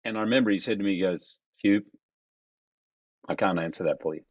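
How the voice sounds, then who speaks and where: A man, animated as he tells personal stories in a podcast interview. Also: deep voice, fairly quick, dry recording, dull audio. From Australia. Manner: animated, acts out quoted voices of others. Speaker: guest. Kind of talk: reflective storytelling in conversation.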